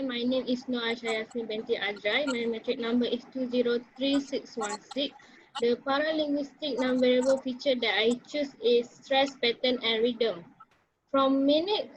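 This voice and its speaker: A woman's voice: sits high, husky, dry recording. A young woman presents to her class in a formal way, reading from a prepared script. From Malaysia. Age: young adult. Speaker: university student presenter. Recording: dull lo-fi recording.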